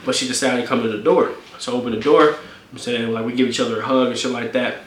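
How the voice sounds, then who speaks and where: A man telling a story in a casual, profane and animated way, rambling as he goes. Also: mid-range voice, quick pace, a little hiss or hum. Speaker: streamer. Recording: echoey room.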